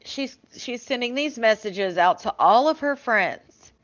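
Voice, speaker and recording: A woman's voice: on the high side, animated, measured pace, no echo. A woman giving casual, indignant reaction commentary, rambling with frequent fillers. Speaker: true-crime commentator. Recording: dull lo-fi dry audio.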